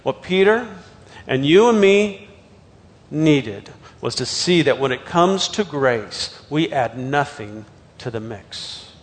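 A man preaching a sermon as a pastor, telling the story dramatically and swinging from loud outbursts to hushed near-whispers. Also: medium pitch, animated, slow, long reverb tail.

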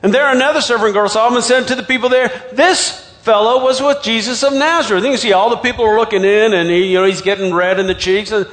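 A man preaching a sermon as a pastor, telling the story dramatically and swinging from loud outbursts to hushed near-whispers. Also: high voice, steady tone, rapid-fire, hardly any pauses, in a large hall.

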